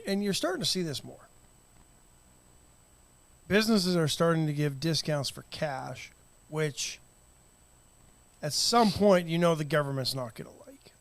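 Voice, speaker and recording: A Texan man co-hosts a casual morning talk show from a studio, holding forth with strong opinions. His voice sits a little high for a man. The sound is close and dry, with no room around it. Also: animated, gravelly, no echo. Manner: opinionated, conversational, quick to laugh.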